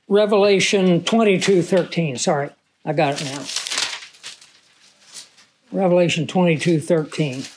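A man preaching a Bible teaching sermon in a conversational way, asking the audience questions and reading scripture slowly with emphasis. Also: a little high, darkish tone, a little hiss or hum. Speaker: pastor.

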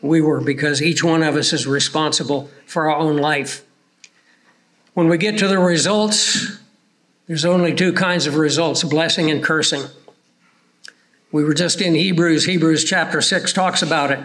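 A man preaching a sermon, slowing down to stress his points. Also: fairly high pitch, fairly even intonation, fairly bright tone.

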